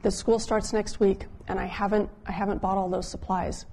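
A woman pastor telling a story in a conversational sermon, dropping her voice softer when she quotes people. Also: mid-range voice, level tone, normal speed. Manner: conversational, drops softer when quoting others.

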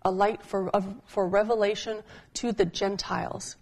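A woman's voice: mid-range voice, level tone, darkish tone. Woman pastor preaching in a conversational way. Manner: conversational storytelling preaching, slowing for emphasis. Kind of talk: sermon.

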